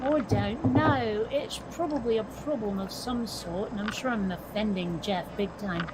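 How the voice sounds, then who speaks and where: A woman chatting casually in an online group call, joking and quick to poke fun at herself. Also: medium pitch, slight background noise, poor audio. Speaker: chat participant.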